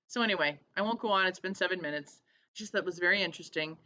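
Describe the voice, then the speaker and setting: A woman's voice: on the low side, quick pace, sharp tone, dull audio. A woman hosting a casual diary vlog, chatty, laughing often and acting out what people said. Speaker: vlog host.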